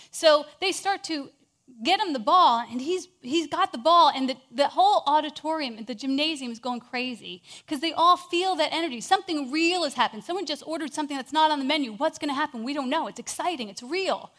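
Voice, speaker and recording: A woman telling an inspirational story in a sermon, animated and moving between hushed and loud moments. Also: high-pitched, fairly quick. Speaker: speaker.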